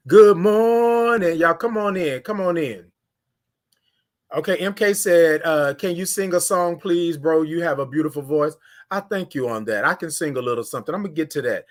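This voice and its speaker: Voices at a high pitch, this man runs a laid-back morning livestream, calling out viewers by name. His delivery is lively, with greetings stretched out long.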